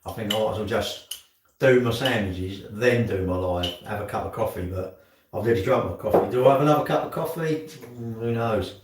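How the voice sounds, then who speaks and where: A man's voice: fairly low pitch, a little fast, background noise. Male streamer, rambly chatter, distant phone mic in an echoey kitchen. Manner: rambling, muttering to himself while doing chores. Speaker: livestreamer. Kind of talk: casual live-stream chat. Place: home kitchen. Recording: echoey room, mic set far off.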